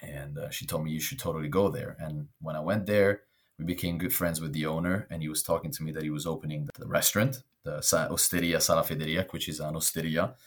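A man's voice: extremely low pitch, fast talker. A young Italian man, whose first language is Italian, telling stories about his life in a casual interview. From northern Italy. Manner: storytelling, animated when quoting others. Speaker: guest.

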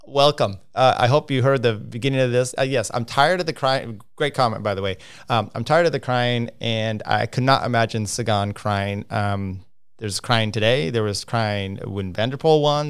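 A man's voice: mid-range voice, smooth. A man hosting a casual cycling livestream, rambling with lots of fillers and restarts as he talks through standings and viewer comments.

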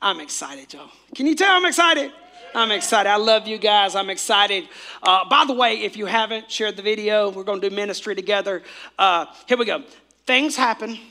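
High, bright-voiced man preaching a sermon. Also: normal speed. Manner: exclamatory, repetitive, calls for congregation responses. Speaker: pastor.

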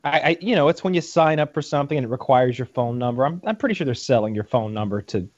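A man chatting casually with friends, telling stories with animated delivery and laughs. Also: mid-range voice, fast talker, dry recording. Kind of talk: casual chat. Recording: dull dry lo-fi recording.

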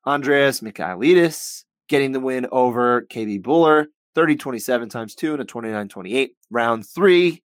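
A man co-hosting a podcast, talking through scores in a measured way, thinking out loud with frequent restarts. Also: mid-range voice, no echo. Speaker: podcast co-host. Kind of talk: casual podcast chat about fight scoring.

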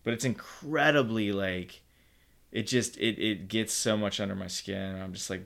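A man's voice: fairly low pitch, moderate pace, vocal fry, fairly bright tone. A man chatting casually about fatherhood, blunt and swearing freely, who acts out his kids' whining. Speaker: podcast guest, father. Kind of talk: casual chat.

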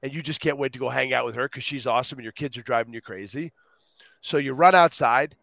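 A man on a podcast as a guest, talking with energy and acting out quotes in lively voices. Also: medium pitch, fast, gravelly, no room sound. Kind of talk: animated interview talk.

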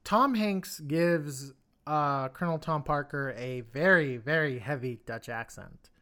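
A man co-hosting a casual podcast chat, hesitant, with many fillers and quick restarts. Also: fairly high pitch, pushed and bright. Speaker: podcast co-host.

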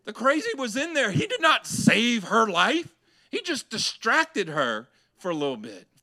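A man's voice: extremely high pitch, huge pitch swings, a little slow, bright, forceful tone. A man, a pastor preaching a sermon to his church, shifting between conversational asides and raised, emphatic delivery.

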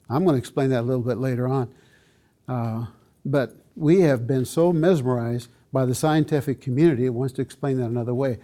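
A man's voice: medium pitch, fairly quick, dark tone. An older man, a pastor, giving an earnest, emphatic teaching talk to a church audience, with frequent asides to his listeners.

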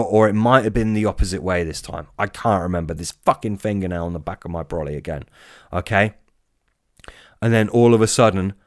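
A man's voice: fairly low pitch, no room sound, studio quality. A man telling a spooky fishing story in casual talk, swearing often and stumbling over restarts. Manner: swearing, halting with many restarts. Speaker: storyteller guest. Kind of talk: casual spoken ghost story.

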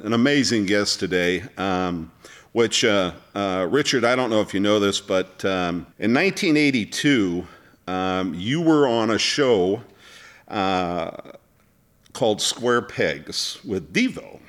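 A man's voice: fairly low pitch, lively intonation, takes it slowly, fairly bright tone. A man hosting a casual talk show, rambling with lots of fillers. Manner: rambling with many fillers, laughs easily. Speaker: host.

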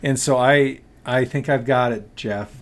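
A man's voice: mid-range voice, unhurried. A man co-hosting a podcast in casual chat, laughing often and restarting his sentences. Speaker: podcast co-host.

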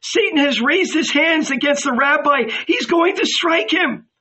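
A man's voice: extremely high pitch, animated, a little slow, bright, forceful tone, voice pushed up, full character voice. A man reading an audiobook, voicing a frightened woman who pleads in alarm. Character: frightened woman crying for help.

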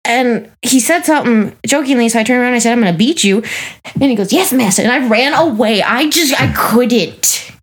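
A woman's voice: a little high, a little fast. A woman co-hosting a podcast, telling stories in casual chat, flustered and giggly. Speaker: podcast co-host.

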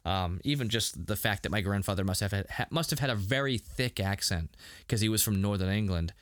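Chatty low-voiced man reviewing a show. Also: fairly quick, no room sound, studio quality. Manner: animated, laughing, frequent restarts. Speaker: podcast co-host. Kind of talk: casual review chat.

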